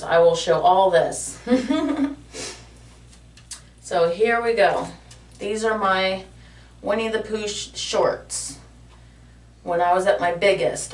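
A woman's voice: medium pitch, recorded from a distance. A woman talking to her viewers in a casual vlog from her bathroom, emotional and heartfelt. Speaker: vlogger. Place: home bathroom. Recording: echoey room, voice a bit off-mic.

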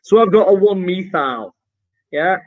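Brief: male chemistry teacher, fairly high voice, jokey and upbeat while explaining homework. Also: lively intonation, measured pace, darkish tone, low-quality recording. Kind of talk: online homework review lesson.

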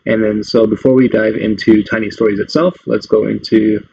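A man's voice: fairly low pitch, steady tone, moderate pace, vocal fry, mellow, slight background noise. A man hosting a casual tech tutorial, explaining things in a loose, meandering way. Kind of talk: casual screen-recorded tutorial. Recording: dull lo-fi dry sound.

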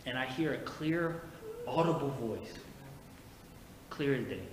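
Pastor preaching in an echoey church. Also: male voice, mid-range voice, animated, slow pace. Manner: personal storytelling that builds to emphatic preaching. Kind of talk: sermon. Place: church sanctuary. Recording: echoey church hall with faint noise.

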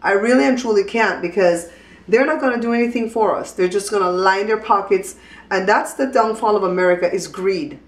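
A woman's voice: medium pitch, a little fast, echoey room. A woman hosting a casual home vlog, outspoken and teasing as she talks to the camera. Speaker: vlog host. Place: at home in a hallway.

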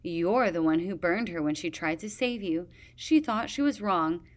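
A woman's voice: fairly low pitch, lively intonation, moderate pace, close to an everyday voice. A woman voicing a vain, cruel female dragon queen who talks in a bored, mocking, imperious way. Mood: coaxing.

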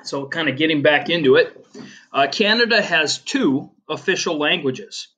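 Chatty, bright-voiced American teacher. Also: male voice, fairly high pitch, animated, normal speed, highs cut off. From United States. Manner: chatty, rambling, with filler words and personal anecdotes. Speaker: geography teacher. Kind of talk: casual classroom video lesson.

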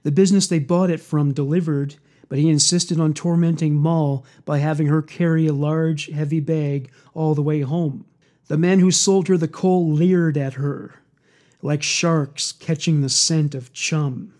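A man narrating a true-crime story in a steady, measured scripted read. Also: on the high side.

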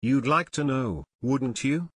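A man's voice: medium pitch, slow, fairly bright tone, slightly rough, dry recording. A man reading an audiobook, voicing a harsh, sneering adult gang leader in a dry, close recording.

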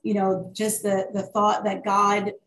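A woman author and worship leader recounts her story in a relaxed interview. Her delivery is animated, circling back with fillers and restarts. The sound is roomy with a faint background hiss. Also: medium pitch, measured pace. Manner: animated, many fillers and restarts, warm testimony. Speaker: author guest. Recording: echoey room with faint noise.

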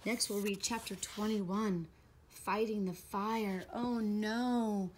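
A woman hosting a children's reading show, reading a storybook aloud in an animated read-aloud manner. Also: mid-range voice, slow pace, slight background noise, low-quality recording.

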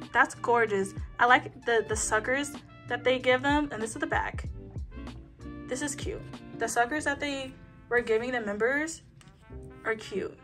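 A young woman chatting excitedly as she unboxes albums, counting down and squealing at each reveal. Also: high voice. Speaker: K-pop album unboxing vlogger. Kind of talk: excited casual unboxing chat.

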